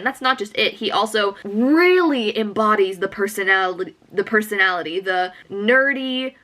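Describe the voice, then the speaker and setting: A young woman doing film reaction commentary in an excitable, gushing, chatty way. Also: mid-range voice. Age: young adult. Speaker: movie reaction YouTuber.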